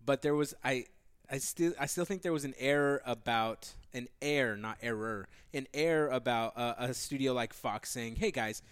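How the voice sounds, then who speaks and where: A man's voice: medium pitch, normal speed, clear, resonant tone. Blunt, opinionated man hosting a podcast. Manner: opinionated, blunt, restarts and swears. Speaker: podcast host. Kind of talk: casual chat.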